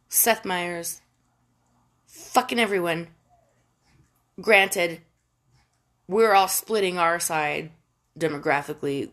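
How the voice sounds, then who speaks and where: A woman's voice: on the low side, fairly bright tone. A woman from the United States delivering a casual, profane political rant, exasperated and given to emphatic outbursts.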